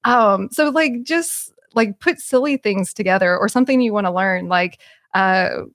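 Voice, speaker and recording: A woman talking casually as a podcast guest, animated, with many fillers and restarts. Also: mid-range voice, moderate pace, dry recording, clean studio sound. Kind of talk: casual conversation.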